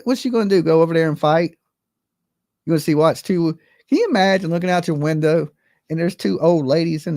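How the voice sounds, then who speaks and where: A man's voice: fairly high pitch, no room sound, clean studio sound. A man giving casual, profane commentary, telling stories with lots of asides and rhetorical questions. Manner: animated, profane storytelling with many asides. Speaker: commentary streamer.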